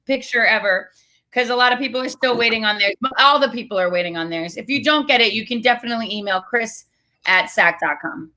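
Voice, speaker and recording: A woman co-hosting a comedy telethon, quick with teasing retorts. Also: on the high side, bright, forceful tone. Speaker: co-host and singer. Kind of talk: improvised comedy banter.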